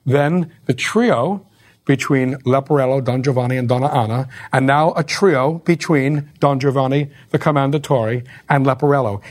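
A man giving a lecture on opera, explaining scenes in a wry, conversational way with ironic asides. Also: mid-range voice.

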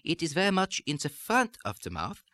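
Measured American dialect coach, dry sound. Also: male voice, fairly high pitch, huge pitch swings, bright, forceful tone, no room sound. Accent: General American. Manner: measured, explanatory, carefully articulated. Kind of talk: recorded instructional lesson.

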